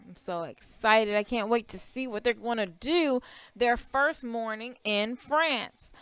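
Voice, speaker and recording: A woman teaching a recorded language arts class to young children, upbeat and encouraging, explaining each step slowly. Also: fairly high pitch, fairly bright tone, smooth, no room sound.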